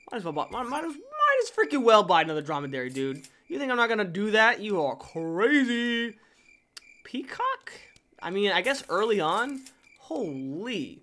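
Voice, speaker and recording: A man gives casual, jokey gameplay commentary, talking to the game as if it could hear him. His pitch swoops up and down all the time. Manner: animated, jokey, talks to the game pieces. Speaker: gaming YouTuber.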